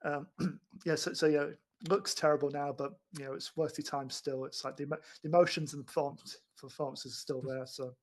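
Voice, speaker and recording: A man's voice: a little high, steady tone, fairly quick. A man chatting casually about old films, rambling with many restarts and fillers. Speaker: film podcast co-host. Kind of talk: casual film discussion.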